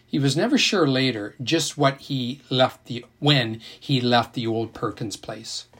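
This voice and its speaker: A man narrating an audiobook in an expressive, emotional reading style. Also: mid-range voice.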